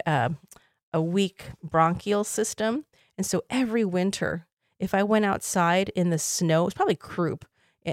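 A woman's voice: mid-range voice, no room sound, studio quality. A woman in her fifties, from Taiwan, hosting a podcast and telling an earnest, reflective personal story with light laughs. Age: 50s. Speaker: podcast host.

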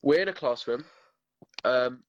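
A man's voice: mid-range voice, measured pace, no room sound, muffled recording. A young man casually telling a funny school story among friends, laughing often. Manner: animated, laughing through his stories. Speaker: guest.

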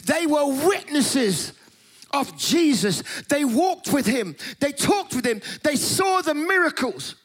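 A man preaching a Pentecostal-style sermon to a conference audience, impassioned, sometimes shouting and half-singing his phrases. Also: very high voice, sing-song, slow. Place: conference hall.

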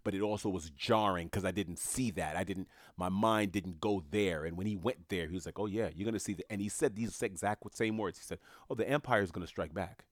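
A man with a low, deep voice telling a story in casual conversation. He gets animated and acts out the lines of the people in his story. The sound is dry and close, with no room around it. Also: brisk, few pauses, no room sound.

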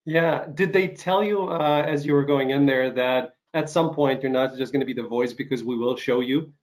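A man hosting an interview show, recovering from an illness and coughing now and then, speaking haltingly with many fillers and restarts. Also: medium pitch. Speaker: talk show host. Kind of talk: casual interview chat.

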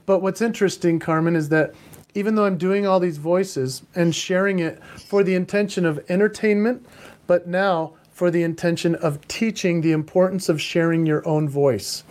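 A man in his forties, a guest entertainer in an interview, animated and quick to laugh. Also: high-pitched. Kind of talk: casual interview chat.

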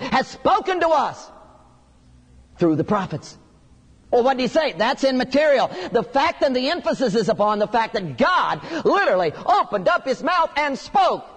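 High-voiced emphatic male preacher in a reverberant hall. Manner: lively, emphatic, conversational preaching with sudden loud bursts. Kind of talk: expository sermon.

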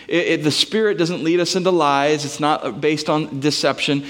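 A man's voice: a little high, steady tone, normal speed, hardly any pauses, a bit bright. A man, a pastor, preaching a sermon in a casual, conversational way, mixing scripture with personal stories.

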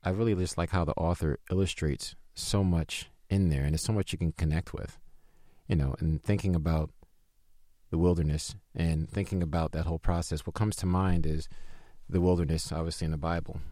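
A male professor hosting a podcast, opening in a formal, deliberate way and chatting. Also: extremely low pitch, steady tone, mellow, no echo, studio quality. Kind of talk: podcast introduction and chat.

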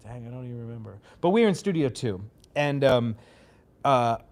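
Male podcast co-host; loose, profane, animated anecdote-teller in casual conversation. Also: mid-range voice, brisk. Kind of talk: casual storytelling chat.

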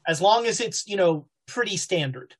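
A woman narrating a horror tabletop game as game master, halting with fillers and restarts. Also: fairly low pitch, expressive, breathy edge.

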